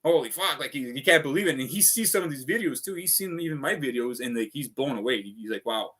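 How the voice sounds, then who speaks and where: A man's voice: mid-range voice, lively intonation, fast talker, sharp tone, husky. A man rambling through a casual livestream, swearing often and piling up fillers as he talks. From Canada. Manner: profane, restless, full of fillers.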